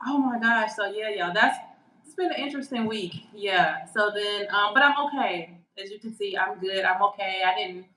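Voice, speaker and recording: A woman co-hosting a podcast over a video call, telling a story in a casual, animated way and acting out the dialogue. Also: mid-range voice, normal speed, roomy sound, low-quality recording. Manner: animated, excitable, acts out quoted dialogue. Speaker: podcast co-host. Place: her home during a storm.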